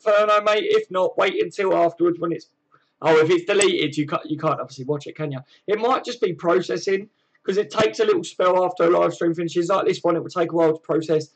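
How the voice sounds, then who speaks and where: A man's voice: fairly high pitch, poor audio. An English man hosting a casual fan live stream, chatting to viewers and answering their comments, calling them mate and laughing often.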